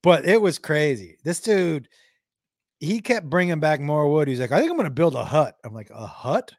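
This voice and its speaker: Animated, profane male stand-up storyteller. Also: fairly high pitch, normal speed, no echo, studio quality. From Texas. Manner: animated, profane, swings loud and quiet. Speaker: stand-up comedian telling a story. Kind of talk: crowd-work stand-up storytelling.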